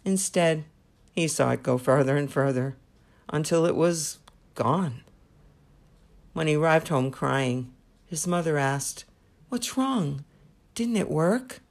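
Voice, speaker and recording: A woman hosting a devotional podcast, telling a story and drawing a faith lesson from it. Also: sits low. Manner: slow and deliberate.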